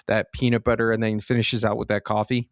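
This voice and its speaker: A man's voice: fairly low pitch, flat delivery, fast talker, no room sound, clean studio sound. A man co-hosting a casual video game podcast, laid-back and joking, with some swearing. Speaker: podcast co-host.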